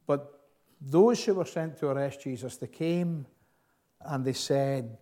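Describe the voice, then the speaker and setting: A man preaching a sermon in an earnest, emphatic way, often pausing with fillers and repeating words as he builds a point. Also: mid-range voice, warm tone. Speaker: pastor.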